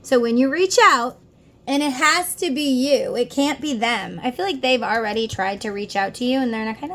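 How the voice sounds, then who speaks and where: A middle-aged woman gives a casual tarot reading, speaking earnestly and heartfelt, directly to the listener. Her voice is a little high, at normal speed.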